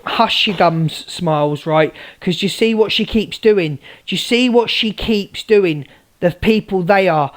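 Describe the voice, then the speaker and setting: A woman's voice: mid-range voice, unhurried. A woman ranting angrily at viewers on a live stream, swearing and repeating herself.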